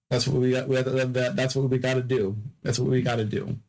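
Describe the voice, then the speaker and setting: A man's voice: medium pitch, flat delivery, a little fast, few pauses, darkish tone, rough recording. Drowsy man rambling on a podcast. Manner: repeats words and phrases, stammering restarts; drowsy, yawning between topics. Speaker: podcast host. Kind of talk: casual rambling podcast monologue.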